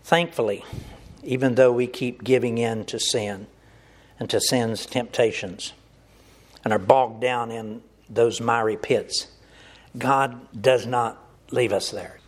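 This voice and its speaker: A man's voice: medium pitch, slow pace. A man preaching a sermon, earnest and direct, addressing his listeners as folks.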